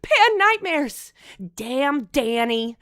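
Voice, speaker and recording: A woman's voice: sits high, big pitch swings, drawn-out words, sharp tone. A woman hosting a comedic livestream, playful and giggly, talking while out of breath. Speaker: host.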